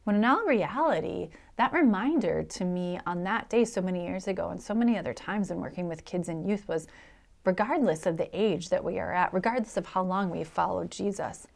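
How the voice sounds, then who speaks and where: A woman's voice: fairly low pitch, vocal fry, a little mellow. A middle-aged woman pastor, giving a sermon in a conversational storytelling way that slips into quoted voices. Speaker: executive pastor.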